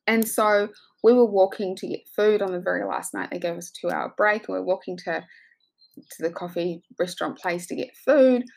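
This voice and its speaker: Effusive woman with gravelly voice. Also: mid-range voice. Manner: effusive, animated, acts out dialogue in storytelling. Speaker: coach. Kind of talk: motivational storytelling monologue.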